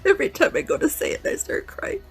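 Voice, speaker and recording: A woman's voice: fast, faint music behind. A woman leaving a rambling, heartfelt voice message for a relative. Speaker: vlogger.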